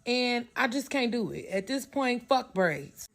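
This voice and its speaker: A woman's voice: fairly high pitch, unhurried. Blunt, profane woman telling a story. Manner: animated storytelling. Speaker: hairstylist. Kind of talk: casual storytime.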